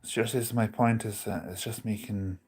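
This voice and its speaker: A man's voice: on the low side, steady tone, moderate pace, a little mellow, breathy edge. A man live streaming from on board a bus, chatting casually, rambling with his opinions and reading out viewer comments.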